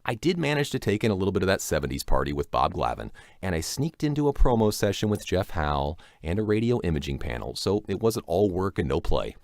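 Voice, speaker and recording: A man's voice: sits low, fast talker, few pauses, no echo, studio quality. A man working as a voice actor, narrating a chatty, self-deprecating recap of an event with rambling asides, recorded at his home setup. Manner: animated, playful delivery.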